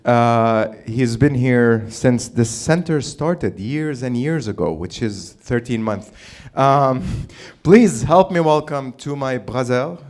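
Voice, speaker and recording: A man's voice: mid-range voice, slow pace, darkish tone. A man from the Middle East hosting an open mic, doing a brash, rambling stand-up set with swearing, in a small comedy venue on a stage mic. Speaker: comedy host.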